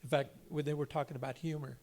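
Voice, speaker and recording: An older man giving an earnest personal testimony on a panel, halting and restarting as he speaks. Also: a little high, level tone, a little mellow. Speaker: panel guest.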